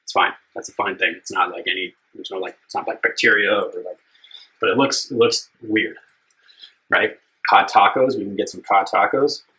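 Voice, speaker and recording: Bright-voiced young man streaming a cooking show. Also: deep voice, fairly even intonation, normal speed, poor audio. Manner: rambling, upbeat, chatty with viewers, many fillers. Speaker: dietitian hosting a live cooking stream. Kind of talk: casual live-stream cooking chat.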